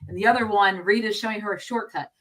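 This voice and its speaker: A woman co-hosting a relaxed film talk show. She rambles and thinks out loud, restarting her sentences as she works through her ideas. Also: medium pitch, fast talker. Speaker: co-host. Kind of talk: casual film discussion.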